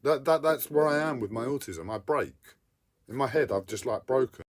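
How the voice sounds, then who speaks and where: A distressed man in an unscripted personal vlog, talking in halting, repetitive bursts with a whiny edge. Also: mid-range voice, animated. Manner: repetitive, halting, self-interrupting. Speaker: livestreamer.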